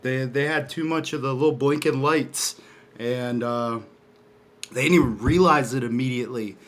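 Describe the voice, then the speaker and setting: A man in his twenties on a casual podcast with friends, an animated storyteller who laughs while sharing trivia. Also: mid-range voice, normal speed. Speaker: podcast co-host. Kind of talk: casual chat among friends.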